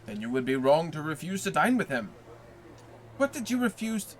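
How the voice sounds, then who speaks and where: A man's voice: a little high, very animated, moderate pace. A man reading aloud, voicing a grizzled, worldly male tailor neighbor who talks in a hearty, overly familiar way.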